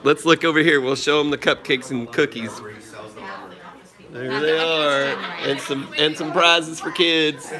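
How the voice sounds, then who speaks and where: A man in his thirties hosting a family livestream from home, talking to his young daughter and viewers in an exclamatory, sing-song way with frequent high leaps. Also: steady tone, unhurried, crowd noise. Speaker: vlogger dad hosting a livestream. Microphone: phone camera.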